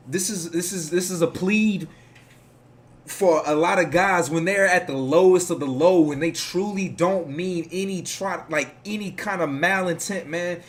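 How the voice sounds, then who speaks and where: A man delivering casual reaction commentary with a fairly high voice. He preaches and rambles, swearing freely as he lectures his audience about how to live. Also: measured pace.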